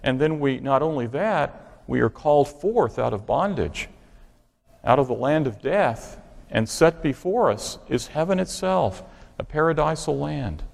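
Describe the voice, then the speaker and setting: A man preaches with an emphatic delivery, pressing his listeners with question after question. His mid-range voice carries a gravelly edge. The sound rings out in a long, echoing reverb. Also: fairly high pitch, lively intonation, measured pace. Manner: emphatic, asks the congregation rhetorical questions. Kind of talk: sermon.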